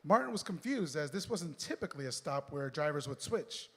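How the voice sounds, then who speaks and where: A man's voice: fairly high pitch, sing-song, a bit bright. Man reading a story on stage, hall reverb. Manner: quick, joking asides to the audience. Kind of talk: live comedic story reading. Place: stage in a performance venue. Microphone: stage mic. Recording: long reverb in a performance hall.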